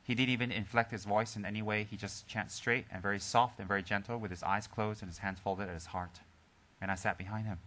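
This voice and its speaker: Man teaching Dharma, bright forceful voice. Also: on the low side. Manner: joking banter then calm, soft storytelling. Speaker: Buddhist teacher.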